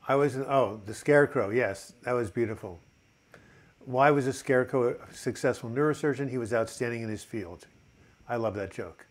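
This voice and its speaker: An older man hosts a casual mental health live chat, upbeat and talkative while reading out viewer comments with plenty of fillers. His voice is medium in pitch and his speed is normal.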